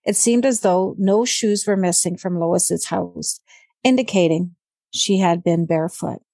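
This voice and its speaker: A woman narrates a scripted passage in a measured, unhurried way. Her voice is warm and mellow, and the sound is dry and close. Faint music plays underneath. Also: fairly low pitch, vocal fry, dry recording. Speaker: podcast co-host, narrator.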